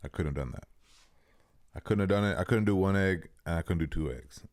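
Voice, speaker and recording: A young man with a very deep, low voice, chatting bluntly on a podcast. He swears freely and leans hard on his words. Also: brisk, darkish tone. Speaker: podcast co-host. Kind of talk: casual podcast chat.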